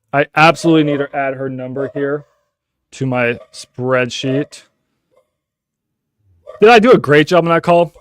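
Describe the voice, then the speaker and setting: A man, running a casual live stream from his home office and chatting excitedly with viewers. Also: mid-range voice, clean tone, dry recording. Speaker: wholesaler hosting a live stream. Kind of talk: casual live-stream chat and phone call.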